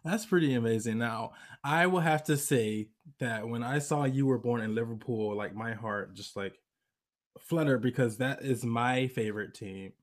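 A man's voice: mid-range voice, normal speed. A man hosting a sports podcast, chatting casually with his guest and laughing often. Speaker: podcast host. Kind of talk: casual interview chat. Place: US West Coast.

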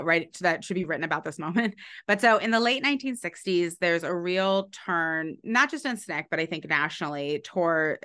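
A woman's voice: on the low side, a bit bright. A woman historian answering interview questions, thoughtful and explanatory, with frequent fillers and restarts. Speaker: author and historian being interviewed.

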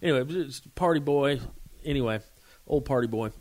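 A man in his forties, co-hosting a podcast, telling a story in a casual, animated way and acting out the shouts. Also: medium pitch, moderate pace. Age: 40s. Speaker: podcast co-host.

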